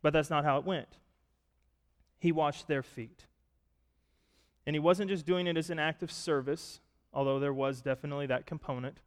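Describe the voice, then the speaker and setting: A man preaching a sermon, retelling a story and asking listeners to picture it, rising to loud, emphatic points. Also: fairly high pitch, steady tone, moderate pace, pauses often, clear, resonant tone. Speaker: pastor. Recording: long reverb of a large hall.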